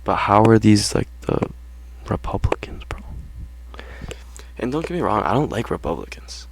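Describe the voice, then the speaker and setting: A man's voice: on the low side, sing-song, normal speed, gravelly, in a whisper. A man ranting casually to his viewers in slangy, profane talk, saying "bro" constantly. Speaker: vlogger. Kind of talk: casual rant to camera.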